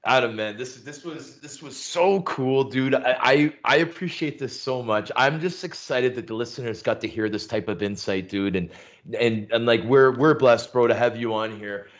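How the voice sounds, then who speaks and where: A man's voice: mid-range voice, normal speed. Eager podcast host man, lo-fi sound. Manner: eager, repeats words, says bro and man. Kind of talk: casual chat. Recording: dull lo-fi audio.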